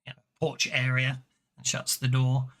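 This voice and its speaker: A man narrating as game master in a tabletop game, halting with many fillers. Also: mid-range voice, completely flat delivery, a bit bright.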